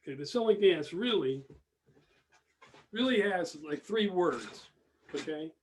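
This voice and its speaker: Man, high voice, live webinar presenter, upbeat, chatty, repeats himself. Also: expressive, a little slow. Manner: upbeat, chatty, repeats phrases, reads chat aloud. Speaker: webinar presenter, business mentor. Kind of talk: casual live webinar teaching.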